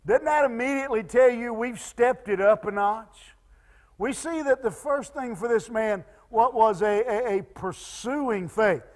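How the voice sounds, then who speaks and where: A man preaching a sermon as pastor, halting and repeating words with many fillers, dropping to soft pleading tones when quoting. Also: high voice. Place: church sanctuary. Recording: long church reverb.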